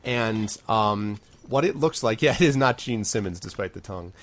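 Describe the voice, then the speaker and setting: A man's voice: on the low side, animated, moderate pace, no echo. A man running a tabletop game on a stream, narrating scenes with plenty of fillers and restarts. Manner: rambling, filler-heavy narration. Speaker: game master.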